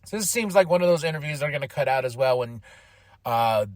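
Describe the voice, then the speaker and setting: Animated man recapping, dry close sound. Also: a little high, fast, dry recording. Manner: animated, laughs often, acts out quotes. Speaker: podcast host. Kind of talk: casual wrestling recap.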